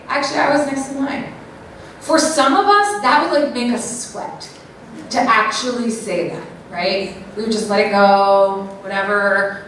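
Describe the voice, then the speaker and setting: Giving a live talk at an event, a woman with a fairly high voice is animated, acts out little quoted voices, and keeps checking in with the crowd by asking "right?" The room is very echoey, the mic is far away, and there's faint noise.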